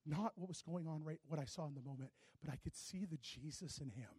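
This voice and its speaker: Animated guy preaching, fairly high voice, dry close sound, acts out the dialogue in his story. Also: brisk, husky, dry recording. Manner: animated storyteller, acting out dialogue and swinging from hushed to loud. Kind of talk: sermon storytelling.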